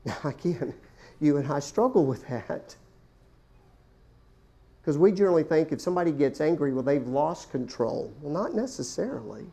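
A man preaching a sermon, asking his listeners rhetorical questions and swinging from loud exclamations down to hushed, near-whispered lines. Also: a little high, expressive, normal speed, gravelly. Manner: addresses listeners as folks, asks rhetorical questions.

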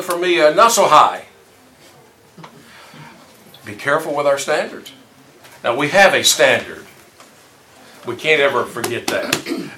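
Brief: bright-voiced man leading a church Bible class, chatty and folksy, heard from a distance in a roomy hall. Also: medium pitch. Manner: conversational, folksy, with rhetorical questions. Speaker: Bible study teacher. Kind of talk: informal Bible class teaching. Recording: roomy distant room mic, faint noise.

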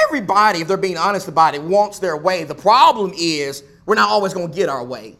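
A man preaching a sermon to his church, stacking rhetorical questions and repeated phrases, now pressing loud, now dropping soft. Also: high-pitched, animated, fairly quick, few pauses. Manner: swings between loud pushes and soft asides.

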